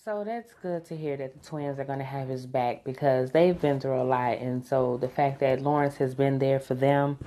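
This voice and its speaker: A woman's voice: rumbling low, warm tone. A woman giving a blunt, exasperated casual recap of a reality show, swearing as she talks.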